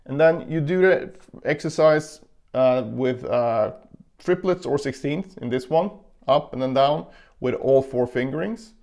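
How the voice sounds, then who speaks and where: A man's voice: medium pitch, unhurried, vocal fry, a little mellow. A man giving a casual guitar lesson, explaining picking and counting beats aloud as he demonstrates. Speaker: guitar teacher. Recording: guitar playing in between.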